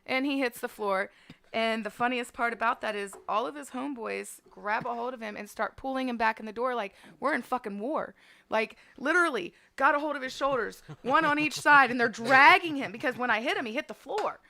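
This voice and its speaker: A woman's voice: fairly high pitch, a little fast, gravelly, bright, forceful tone. A middle-aged woman in casual chat, telling a story in a brash, profane way and acting out what people said. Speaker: guest storyteller.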